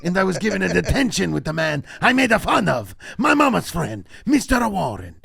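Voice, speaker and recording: A man's voice: sits high, very animated, a little fast, creaky, fairly bright tone, husky, no echo, studio quality, voice pushed up, full character voice. A man putting on a sad Italian storyteller. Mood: storytelling. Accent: put-on Italian. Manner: broken grammar, heavy rolling storytelling. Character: sad middle-aged Italian man reminiscing.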